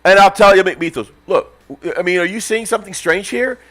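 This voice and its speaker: A man co-hosting a casual chat, telling a story with lively impressions. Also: a little fast. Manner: animated storytelling, swings into loud high impressions. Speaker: podcast co-host. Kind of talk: casual chat while painting miniatures.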